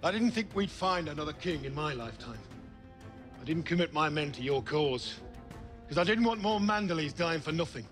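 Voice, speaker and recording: An actor with a Northern English accent playing an older, grieving lord who speaks in a heavy, reproachful way in a television drama. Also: male voice, a little high, animated, moderate pace, faint music behind, natural voice. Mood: bitter.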